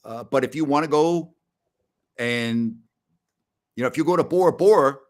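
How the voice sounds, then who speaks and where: Here a middle-aged man with a medium-pitched voice runs a sports talk stream at a moderate pace. The chat is casual, rambling and blustery, punctuated by loud mock rants.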